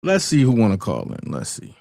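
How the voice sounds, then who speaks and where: Brash taunting live stream host, gravelly. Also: male voice, lowish voice, wildly swooping pitch, brisk, warm tone, dry recording, clean studio sound. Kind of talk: casual live call-in talk.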